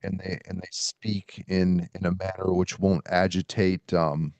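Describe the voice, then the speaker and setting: A man with a deep voice and a gravelly edge speaks on a podcast. He is recorded dry and close, and his talk is casual and halting, with pauses as he reads from his sources. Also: little pitch movement, a little mellow, no echo, muffled recording. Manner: halting, pausing while reading from sources. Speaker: podcast host. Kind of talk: casual podcast talk, reading quotes aloud.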